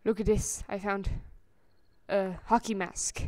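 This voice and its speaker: A woman giving chatty let's-play commentary on a survival game, gasping at finds and breaking into squeaky sing-song calls. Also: flat delivery, unhurried, a little mellow. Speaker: gameplay commentator.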